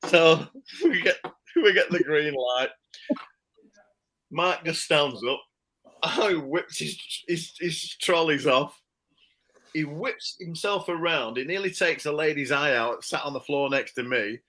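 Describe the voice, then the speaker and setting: A man telling a casual anecdote, animated and laughing as he acts out the people he quotes. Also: fairly high pitch, slow pace, poor audio. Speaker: storyteller.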